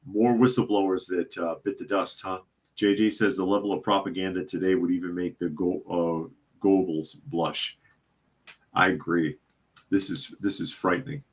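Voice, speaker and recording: A man's voice: sits low, fairly even intonation, moderate pace. A man hosting a live news podcast, reading out reports and chat comments and answering them with sardonic remarks. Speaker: podcast host.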